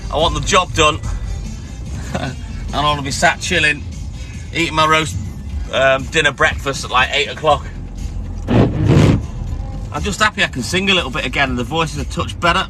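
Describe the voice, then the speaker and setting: A hoarse man chatting calmly to viewers on a live stream from inside his van. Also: moderate pace, long pauses, over music. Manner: keeping his voice calm and low, chatting to viewers. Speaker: livestreamer. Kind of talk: casual live-stream chat.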